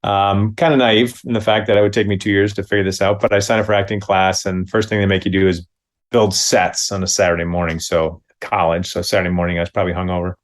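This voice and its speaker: Man in his 50s, lively storyteller. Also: quick pace. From Minnesota, USA. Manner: lively anecdote, acts out the other voices with big pitch jumps, chuckles. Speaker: guest, comedy actor. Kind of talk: casual storytelling.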